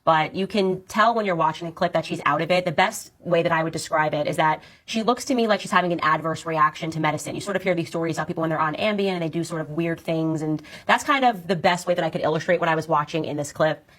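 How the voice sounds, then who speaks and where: Fast-talking low-voiced woman commentator. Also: fairly bright tone. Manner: confident, dismissive, argumentative. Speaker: commentator and show host. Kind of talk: political commentary monologue.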